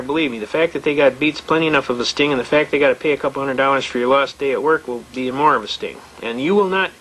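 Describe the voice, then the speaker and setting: A man with a fairly high, somewhat bright voice delivers a storytelling-heavy lecture on self-representation in court, blunt and folksy in tone. He often restarts and repeats himself. The audio is poor, with a little hiss or hum.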